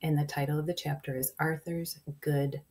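A woman reading a children's book aloud, shifting into hushed whispers at tense moments. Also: deep voice, flat delivery, normal speed. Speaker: reader.

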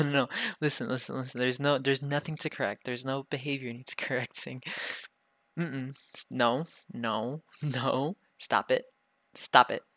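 A young man with a sore throat from illness voices a bratty, foul-mouthed ASMR role-play, teasing and bargaining as he talks. His tone is bright and forceful. The sound is close and dry, with no room echo. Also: mid-range voice. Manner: bratty, teasing, heavy swearing.

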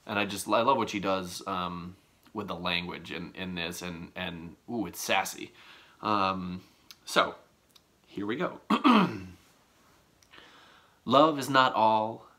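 A man teaching a casual poetry lesson as an English teacher, talking haltingly with many ums and restarts. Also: low-pitched. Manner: slow, relaxed delivery. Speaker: high school English teacher.

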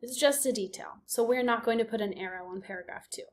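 Lady teacher walking kids through a story, patient, kinda high voice, keeps asking right?. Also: fast. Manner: patient, explanatory, checks in with "right?". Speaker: elementary school teacher. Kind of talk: recorded reading lesson.

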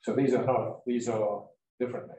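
A man in the audience asking the lecturer quick, probing questions at a seminar. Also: mid-range voice, level tone, mellow. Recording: distant voice in echoey room.

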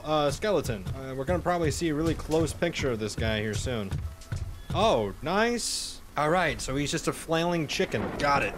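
A man's voice: fairly high pitch, expressive, normal speed, a little hiss or hum. A young man hosting a gaming channel, rambling through a horror game in let's play commentary and yelping and swearing when startled. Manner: rambling, jumpy, yelps and swears at scares.

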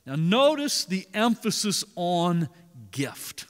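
A man preaching a sermon as pastor, animated, swinging between loud emphasis and hushed asides. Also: on the high side, moderate pace. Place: church sanctuary. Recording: long reverb in a large hall.

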